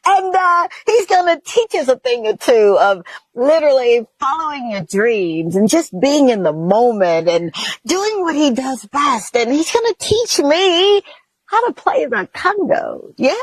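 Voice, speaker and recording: A high-pitched woman hosts a talk show, talking straight to her viewers. She is effusive and chatty, often breaks into laughter, and the recording is close and dry with no room sound. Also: very animated, a little slow, no room sound, poor audio. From Mississippi, USA. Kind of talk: talk show hosting to camera.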